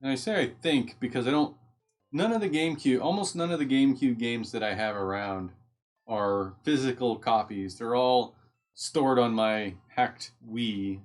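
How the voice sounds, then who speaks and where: Male live-stream host with a mid-range voice. Casual and rambling, easily distracted, with soft music in the background. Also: medium pitch, normal speed. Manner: chatty, easily sidetracked, thinks aloud while reading.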